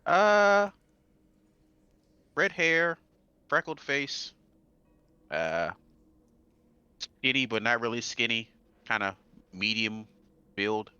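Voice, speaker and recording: A man's voice: medium pitch, expressive, very slow, pauses often, pushed and bright, smooth, dry recording, lo-fi sound. A man recapping a tabletop game story in a rambling, hesitant way, with many fillers. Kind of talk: casual in-character recap.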